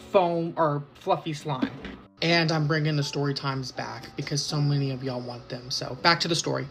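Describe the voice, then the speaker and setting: A woman casually telling a crude, joking storytime, acting out the lines of the people in it. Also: deep voice. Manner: crude, joking, lively quoting of others. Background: background music.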